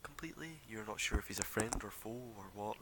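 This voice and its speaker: A man narrating as game master of a tabletop game, describing scenes in a relaxed, rambling way full of fillers. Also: on the low side, a little fast, noisy background.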